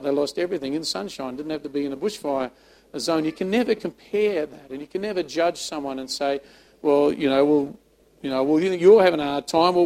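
A man's voice: fairly high pitch, gravelly, low-quality recording. Emphatic man preaching a sermon. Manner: emphatic, repeats words, swings from loud to soft. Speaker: pastor.

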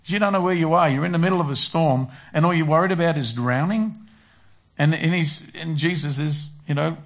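A man's voice: on the high side, fairly quick, fairly bright tone. A man preaching a conversational sermon who acts out prayers and Bible voices. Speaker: pastor.

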